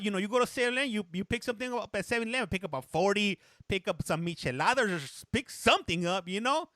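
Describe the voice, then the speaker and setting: A man's voice: high-pitched, expressive, fast, hardly any pauses, bright, forceful tone, no room sound, clean studio sound. A man hosting a casual live stream, telling a story in a chatty, rambling way while stopping to greet and answer viewers in chat, now and then slipping into a little Spanish. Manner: chatty storyteller, stops often to read comments; slips briefly into Spanish. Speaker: livestream host reading viewer chat.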